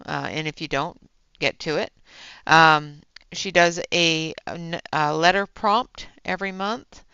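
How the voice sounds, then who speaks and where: A woman's voice: lowish voice, creaky, bright, forceful tone, clear, resonant tone, no room sound, muffled recording. A woman hosting a coloring livestream, chatting casually with her viewers as she works, with many fillers and frequent laughs. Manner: chatty, reads and answers chat, laughs often, many fillers.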